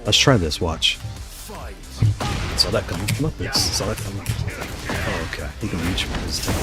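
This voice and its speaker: A man giving excited live commentary on a fighting game he is playing, taunting his opponent and laughing. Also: low-pitched, moderate pace, pauses often. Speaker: gaming streamer. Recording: music playing behind.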